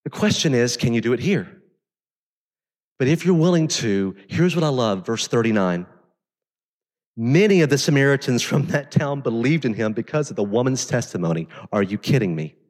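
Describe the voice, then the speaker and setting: A man preaching a sermon as pastor, talking conversationally and swinging between intense emphasis and quiet storytelling. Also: mid-range voice, lively intonation, moderate pace, big-room sound.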